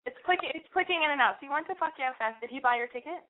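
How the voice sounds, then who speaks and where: A woman's voice: sits high, rapid-fire, slight background noise. A woman hosting an advice show, giving a caller frank, blunt advice and acting out sample lines. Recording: phone-like radio audio.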